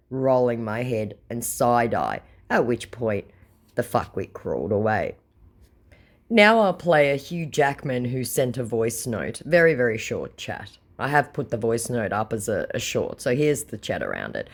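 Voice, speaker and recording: Very deep-voiced sarcastic Australian woman. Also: expressive, normal speed. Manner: sarcastic, blunt, swears freely. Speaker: scam-baiting channel host. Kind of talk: casual chat reading out messages.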